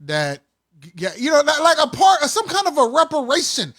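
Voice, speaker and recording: A man's voice: very high voice, huge pitch swings, brisk, pushed and bright. A young man co-hosting a podcast in loose, profane, joking chat, laughing often into a close mic. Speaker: podcast co-host. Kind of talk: casual chat.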